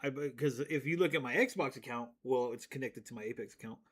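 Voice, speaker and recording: A man's voice: medium pitch, fairly quick, a bit bright, breathy edge. A man streamer ranting casually to his chat, profane and rambling, often laughing at himself.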